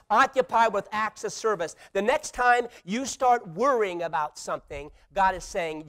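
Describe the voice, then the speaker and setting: A middle-aged male pastor preaching a sermon, swinging from hushed asides to loud emphatic calls and playfully acting out quoted voices. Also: sits high, lively intonation, normal speed, few pauses.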